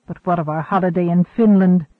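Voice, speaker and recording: A man reads an earnest young man under thirty, pleading and stammering in desperation. His voice sits high and comes through a tinny, phone-like band. The sound is dry. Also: steady tone, brisk, dry recording, natural voice. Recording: tinny narrow-band recording.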